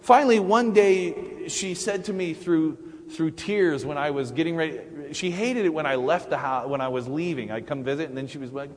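A middle-aged man giving a personal Mother's Day sermon in a church, with halting restarts and fillers. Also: on the high side. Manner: halting, many restarts and fillers, warm laughs. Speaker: church speaker. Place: church sanctuary. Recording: long hall reverb.

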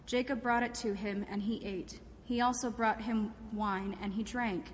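A woman reading scripture aloud, narrating in a clear, steady way. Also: a little high, normal speed, slight background noise. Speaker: scripture reader. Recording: reverberant church hall.

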